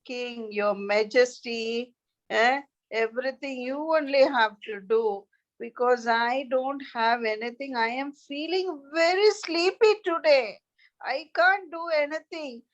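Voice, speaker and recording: A woman's voice: sits high, measured pace, pitched above the performer's own voice. A woman voicing a sleepy, lazy chief minister who brushes off his king. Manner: drowsy, lazy. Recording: dull lo-fi recording.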